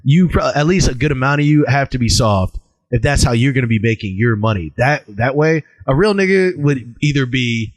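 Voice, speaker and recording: Animated man in joking podcast banter. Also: mid-range voice, fairly quick, no room sound. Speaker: podcast co-host. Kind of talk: casual chat.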